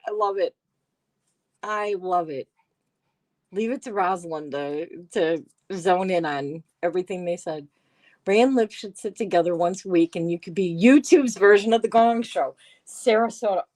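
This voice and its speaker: A middle-aged woman hosting a casual live stream, reading chat aloud with sarcasm and frequent laughs. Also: on the low side. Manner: sarcastic, laughs often, chats with viewers. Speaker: livestream host reading chat.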